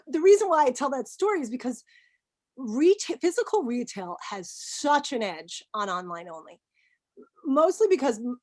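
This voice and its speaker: A middle-aged woman talking emphatically as a business guest in a webinar interview, animated and quick to laugh. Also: sits high.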